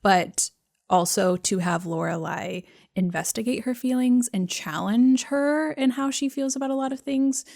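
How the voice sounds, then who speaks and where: A woman's voice: fairly high pitch, measured pace, gravelly, a little mellow. A woman co-hosting a podcast in casual chat, working through her thoughts with many fillers and self-corrections. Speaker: podcast co-host.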